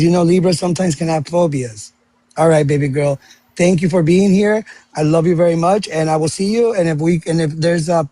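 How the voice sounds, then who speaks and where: A man from Florida hosting a live audio panel, giving astrology readings in a warm, affirming way. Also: fairly high pitch, slightly rough, no room sound. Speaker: panel host.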